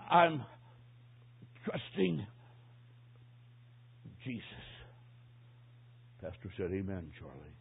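A man preaching a sermon as he tells a story, swinging dramatically from hushed tones to shouts. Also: on the high side, slightly rough. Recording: tinny phone-line sound.

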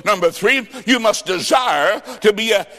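A man preaching a sermon with storytelling, dramatic, swinging between shouts and hushed asides in a sing-song preaching cadence. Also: high-pitched, a little slow. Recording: long hall reverb.

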